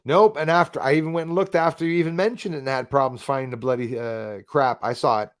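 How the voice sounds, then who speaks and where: A man's voice: medium pitch, fast, no room sound, clean studio sound. A man hosting a casual live stream, chatting with viewers by name and swearing casually. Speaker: livestream host.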